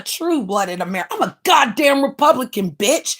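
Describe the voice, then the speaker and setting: A woman hosting her own livestream, ranting in a brash, profane, mocking way with sudden bursts of shouting. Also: on the high side, unhurried. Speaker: livestream host.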